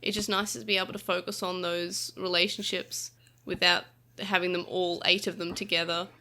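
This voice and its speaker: Woman, bright voice, casual podcast chat, rambling, many fillers. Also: fairly low pitch, little pitch movement, moderate pace. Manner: chatty, thinks aloud with many fillers and restarts. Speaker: podcast co-host.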